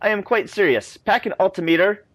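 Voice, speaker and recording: A man voicing a calm, brisk English gentleman adventurer, reading his lines crisply from a video game. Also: high voice, voice pushed up. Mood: calm commanding.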